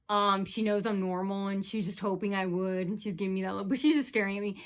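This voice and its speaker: A woman's voice: mid-range voice, fairly even intonation, fast, hardly any pauses. A woman vlogger rambling through an aggrieved personal account, retelling who said what with many fillers and restarts.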